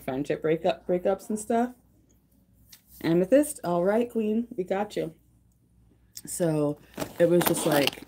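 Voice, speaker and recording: Young woman streamer, slightly low pitch, rambling casual chat with viewers. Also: dark tone. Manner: chatty and gushing, lots of fillers. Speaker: livestream host.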